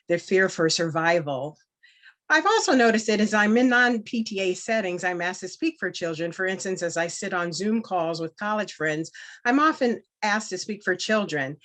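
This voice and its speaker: A woman's voice: fairly low pitch, a bit bright. Earnest woman giving a campaign speech. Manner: earnest, emphatic, hesitant with fillers when answering. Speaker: board candidate.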